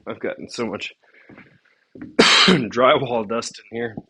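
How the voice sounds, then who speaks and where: A man's voice: mid-range voice, takes it slowly, pushed and bright, a little hiss or hum. A young man casually narrating his own home renovation for his vlog, muttering to himself as he works and measures. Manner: mumbling to himself, offhand. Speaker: DIY vlogger. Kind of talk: casual narration while working. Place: unfinished basement room under renovation. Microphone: phone camera.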